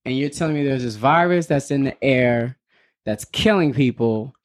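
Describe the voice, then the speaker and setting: A man in his thirties co-hosting a podcast, talking loosely and laughing often. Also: normal speed. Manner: animated, laughs often, mimics his daughter in high voice. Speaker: podcast co-host. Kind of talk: casual chat.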